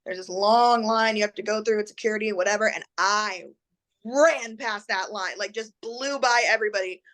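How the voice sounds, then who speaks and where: A woman guest telling a personal story in a lively way, acting out the voices of the people she quotes. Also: medium pitch, moderate pace. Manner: animated, acts out quoted voices.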